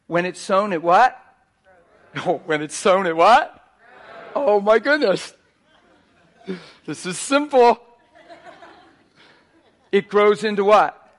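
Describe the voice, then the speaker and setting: A man preaching a sermon, animated and swinging between quiet asides and near shouts. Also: high-pitched.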